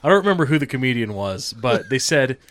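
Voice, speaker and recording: A man in casual chat, blunt and animated, often laughing as he tells a story. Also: mid-range voice, fast. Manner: animated, blunt, laughs while telling stories.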